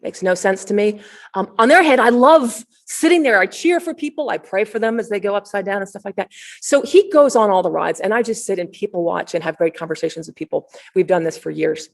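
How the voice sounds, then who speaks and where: Lively, animated woman preaching. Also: mid-range voice, fairly quick, creaky. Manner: storytelling, animated, rising to near-shouting excitement. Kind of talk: sermon. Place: online service, shared screen.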